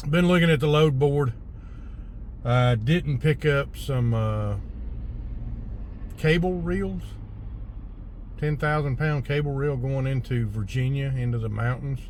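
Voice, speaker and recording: A man with a drawl talks through his workday from the cab of his truck, unhurried, with lots of uhs. His voice sits at an ordinary middle pitch. A faint hum of engine and road noise sits underneath. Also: a little mellow. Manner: laid-back drawl, thinking aloud with fillers. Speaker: hotshot truck driver. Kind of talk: casual trucking vlog.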